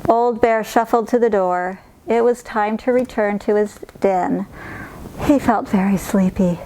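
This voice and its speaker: A woman narrating a children's picture book, calm and clear. Her voice sits at an ordinary middle pitch and the telling is steady and unhurried. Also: slight background noise. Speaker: storybook reader. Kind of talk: reading a picture book aloud.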